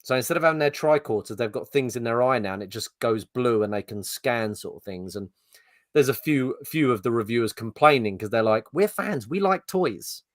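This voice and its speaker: A man's voice: mid-range voice, fairly quick, no echo. Ranting man, dry close sound. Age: middle-aged. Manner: ranting, exasperated, swears freely. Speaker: podcast co-host. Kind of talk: casual podcast chat.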